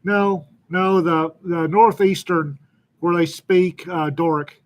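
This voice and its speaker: A man joins a relaxed group chat with dry, joking asides. His pitch sits a little higher than usual for a man. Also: takes it slowly, low-quality recording. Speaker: chat participant.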